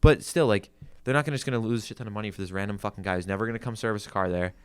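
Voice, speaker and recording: Young man, car salesman, casual podcast storyteller, rambling, swearing, quick delivery, lowish crisp voice. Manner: rambling, heavy on "like", swears freely.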